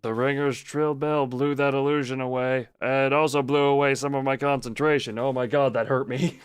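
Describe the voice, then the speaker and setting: A man's voice: mid-range voice, little pitch movement, moderate pace, clear, resonant tone, no echo. A man streaming a game, reading the on-screen text aloud and breaking off for joking remarks. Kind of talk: live gameplay stream, reading a visual novel aloud.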